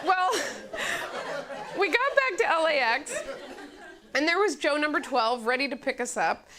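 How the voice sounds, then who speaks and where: A woman comedian performing a one-woman comedic monologue, telling a story in a wry, animated way. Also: high-pitched, a little slow, a crowd in the background.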